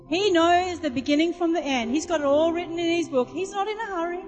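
A woman's voice: extremely high pitch, animated, normal speed, long reverb tail, soft background music. A woman preaching a sermon, telling stories and asking the congregation questions in a chatty way. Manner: chatty storytelling, asks the audience questions.

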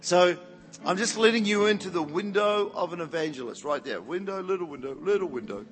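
A man's voice: sits high, lively intonation, brisk, fairly bright tone. A man preaching as an evangelist, telling stories animatedly and often repeating words as he restarts. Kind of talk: sermon storytelling. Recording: reverberant hall with faint music.

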